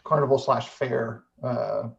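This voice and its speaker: A middle-aged man hosting a casual chat, speaking in a measured way with frequent hesitations. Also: medium pitch, steady tone, creaky. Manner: measured, many "uh" fillers. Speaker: host. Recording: dull lo-fi audio.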